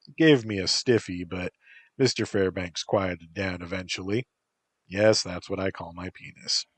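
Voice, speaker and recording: A man reading a first-person story aloud in a deadpan, unhurried way. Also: sits low, husky. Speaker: narrator.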